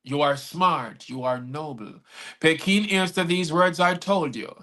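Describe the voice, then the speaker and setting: A man's voice: a little high, unhurried, sharp tone. A man hosting a live-stream chat who performs his spoken-word poetry in a rhythmic delivery. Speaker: host and poet.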